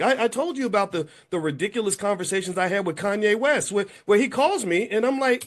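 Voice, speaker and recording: A man in his fifties talks straight to his audience in a loose, casual monologue. His voice sits a little high and swings widely as he acts out other people's lines. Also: normal speed. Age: 50s. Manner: animated storytelling, acts out quotes with big pitch jumps. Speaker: commentator.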